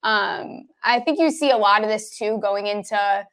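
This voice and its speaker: A woman's voice: mid-range voice, moderate pace, a bit bright, smooth. Female co-host, casual sports chat, mid-range voice, loose and rambling. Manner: chatty, rambling, lots of fillers like "like". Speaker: sports betting podcast co-host.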